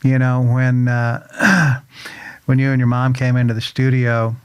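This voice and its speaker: A man's voice: medium pitch, steady tone, a little slow, clean tone, no echo. A man hosting a casual interview chat, jovial, with frequent stammering restarts. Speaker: host. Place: local studio.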